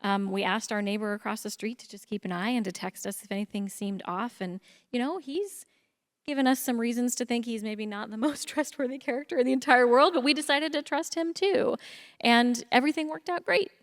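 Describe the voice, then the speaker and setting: A woman's voice: on the high side, brisk. A woman speaking on a panel, telling a personal story in an earnest, reflective way. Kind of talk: storytelling on a conference stage. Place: theatre stage. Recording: long hall reverb.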